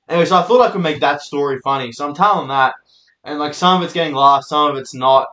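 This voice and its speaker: A man's voice: on the high side, quick pace, a bit bright, echoey room, highs cut off. A young Australian man hosting his own show, telling rambling stories in a casual, sweary way. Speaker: podcast host and comedian. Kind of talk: solo storytelling monologue.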